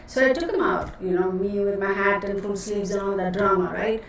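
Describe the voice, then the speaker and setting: A woman's voice: medium pitch, fairly quick, gravelly. A chatty woman runs a casual live stream and rambles to her viewers, calling them y'all. Her voice bounces around a heavily echoing room and sits well back from the microphone. A faint hiss runs underneath. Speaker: tarot reader hosting a live stream. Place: cluttered home room she works from. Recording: echoey room, voice distant from mic, faint noise.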